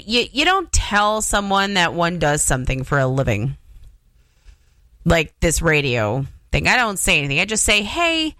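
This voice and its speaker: A woman's voice: lowish voice, bright, forceful tone, no room sound. Ranting woman radio DJ. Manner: exasperated, ranting, sarcastic. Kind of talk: on-air radio monologue. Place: radio studio.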